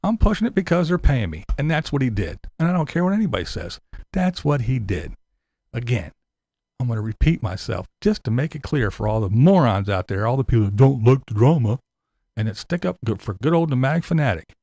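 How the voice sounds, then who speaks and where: A man's voice: mid-range voice, sing-song, brisk, dark tone, no room sound. A man giving a sarcastic, profane ranting commentary as a YouTube commentator.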